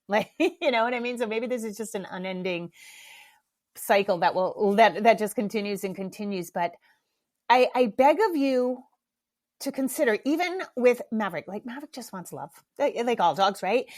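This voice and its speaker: A middle-aged woman hosts a solo podcast, talking casually and candidly in a fairly high voice with a darkish tone. She swears freely and laughs at herself.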